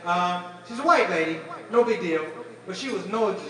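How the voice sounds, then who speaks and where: A man doing stand-up comedy at a fundraising dinner, telling animated stories and talking straight to the crowd. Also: high-pitched, normal speed. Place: banquet hall at a fundraising dinner. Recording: echoey hall, distant mic, crowd. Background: audience laughing and murmuring.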